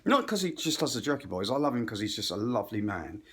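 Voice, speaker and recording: Rambling, husky English man, 60s. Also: lowish voice, sing-song, fast, a bit bright. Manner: rambling, digressive, swearing, dropping to whispers. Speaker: comedian. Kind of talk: rambling comic rant.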